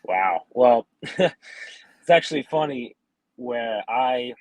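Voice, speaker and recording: A man's voice: medium pitch, animated, drawn-out words, darkish tone, no room sound, rough recording. A man in his twenties from New York, a podcast guest telling hockey stories in a rambling, laid-back way with lots of fillers. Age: 20s. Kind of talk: casual interview chat.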